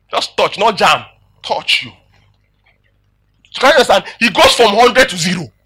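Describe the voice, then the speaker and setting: A man preaching a sermon as a pastor, animated, laughing often and checking in with his listeners. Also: high voice, takes it slowly, pauses often, husky.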